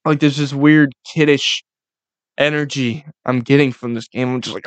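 A young man hosting a casual solo podcast, ranting in a profane, excitable, rambling way. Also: mid-range voice, normal speed, no room sound. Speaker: podcast host.

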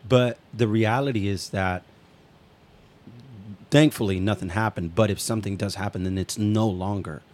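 Podcast co-host, male, lowish voice, loose and profane, rambling storyteller. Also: normal speed, a little mellow. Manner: swears freely, rambling anecdotes, acts out quotes. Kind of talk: casual storytelling chat.

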